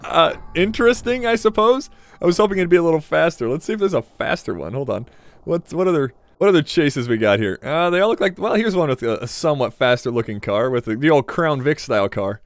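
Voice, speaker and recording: A man's voice: a little high, expressive, fairly quick, no room sound. A young man giving casual, joking commentary while playing a driving game, rambling and talking to the characters on screen. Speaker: gaming YouTuber.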